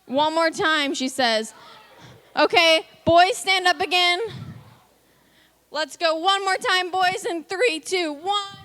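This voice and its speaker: High-voiced woman leading kids' church. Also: takes it slowly, pauses often, sharp tone. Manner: upbeat, coaxing, calls out countdowns. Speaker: children's ministry leader. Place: children's church room.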